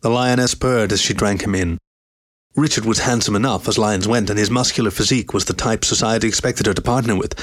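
A man reading a story aloud in an even, steady narration. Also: lowish voice. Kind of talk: scripted narration.

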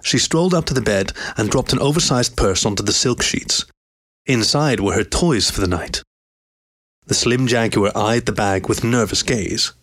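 A man reading a story aloud in an even, steady narration. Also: on the low side, moderate pace. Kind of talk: scripted narration.

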